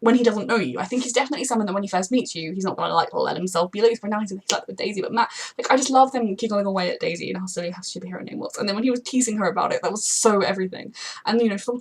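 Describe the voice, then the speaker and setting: Young woman, TV reaction host; rapid-fire, gushing, rambling delivery with a husky edge. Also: mid-range voice. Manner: gushing, emotional and rambling, with many fillers and quick laughs. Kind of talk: casual reaction chat.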